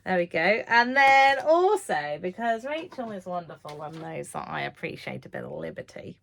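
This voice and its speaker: Her voice is on the low side and gravelly, at a moderate pace. This thirty-something sewing vlogger speaks to camera from her home sewing room, chatty and gushing about sewing, lowering to whispers in her excitement.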